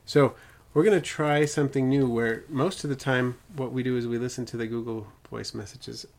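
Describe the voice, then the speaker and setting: A man's voice: mid-range voice, steady tone, moderate pace, a little mellow. A man co-hosting a podcast in casual chat on a studio microphone, easygoing and laughing often. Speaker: podcast co-host.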